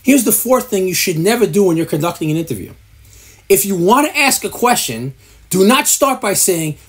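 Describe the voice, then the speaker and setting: A man rants with blunt, profane exasperation, mocking others by mimicking them. His voice is husky and his pitch swings widely. He sounds like a podcast producer airing his pet peeves. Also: expressive, brisk. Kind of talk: ranting advice to camera.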